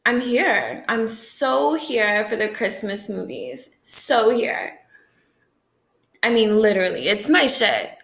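A young woman from the American South talking in a profane, rambling, animated way in a casual vlog rant. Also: on the high side, takes it slowly, creaky, echoey room. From Southern United States. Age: young adult.

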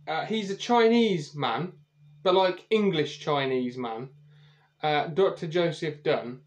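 A man's voice: fairly high pitch, slow pace. A man running a tabletop game as game master, narrating the scene in a rambling way with lots of hesitation.

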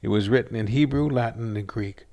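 A man reading a scripture passage aloud in a steady, earnest storytelling manner. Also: on the low side, fairly quick. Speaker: scripture reader.

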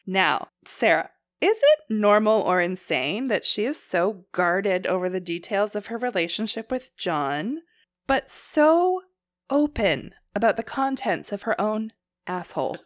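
Woman, from Canada, podcast co-host, casual recap chat, animated, dry close sound. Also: medium pitch, a little slow, no room sound. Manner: animated, acts out quotes loudly.

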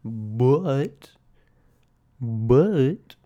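A man's voice: mid-range voice, expressive, extremely slow, mellow, lo-fi sound. A man hosting a casual podcast chat, rambling in a laid-back way and swearing constantly over his coffee. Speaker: podcast host. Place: at home drinking coffee.

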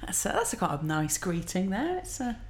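Woman podcaster, lively and joking. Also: mid-range voice, brisk, slight background noise. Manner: jokey, laughs often, playful banter. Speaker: podcast co-host. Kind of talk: casual chat. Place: home room with washing machine running. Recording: echoey room.

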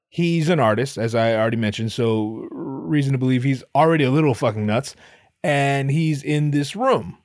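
A man's voice: medium pitch, dry recording. Male comedy podcaster, profane and rambling, mock-boastful storytelling, dry sound. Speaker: podcast host.

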